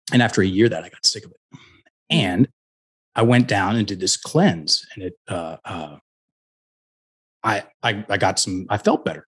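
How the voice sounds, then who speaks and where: A middle-aged man, a guest coach, telling personal stories in an interview, earnest and full of restarts. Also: lowish voice. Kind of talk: conversational storytelling interview.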